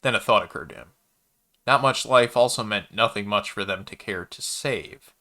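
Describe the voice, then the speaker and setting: A man narrating a sci-fi story in a steady, measured reading voice. His voice sits low but with a bright, forward edge. The telling stays even and unhurried.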